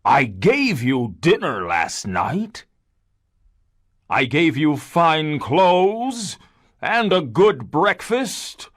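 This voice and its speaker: Man voicing an angry shouting beast. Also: on the high side, no echo, clean studio sound, voice pushed up, full character voice. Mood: furious. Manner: loud and slow, threatening. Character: angry monstrous male beast.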